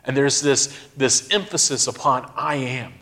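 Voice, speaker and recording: A middle-aged man giving a sermon, speaking in a slow, reflective way with emphatic pauses. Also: medium pitch, bright, forceful tone. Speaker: pastor.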